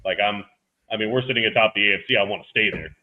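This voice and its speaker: A man's voice: on the low side, very fast, phone-quality sound. A man chatting casually as a panelist on a podcast, offhand and hesitant.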